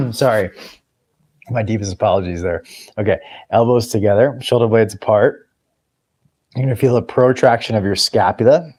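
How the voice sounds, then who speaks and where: A man teaching a yoga class, cueing breaths and movements in a relaxed way, now and then clearing his throat. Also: on the low side, moderate pace, long pauses. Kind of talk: guided yoga class instruction.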